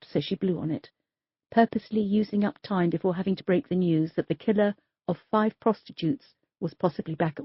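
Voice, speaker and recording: A woman narrating a crime novel audiobook in a steady, even storytelling manner. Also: fairly low pitch, breathy edge, dry recording, highs cut off. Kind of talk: scripted narration.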